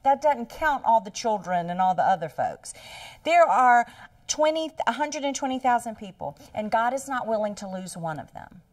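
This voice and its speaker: A woman's voice: fairly high pitch, big pitch swings, moderate pace, no room sound, recorded from a distance. A woman leading a Bible study in a conversational style, dramatizing the story with laughing asides.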